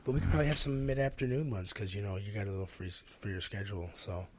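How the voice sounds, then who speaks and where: A man co-hosting a podcast in casual chat, laughing and tossing in quick joking asides. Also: on the low side, noisy background. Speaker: podcast co-host.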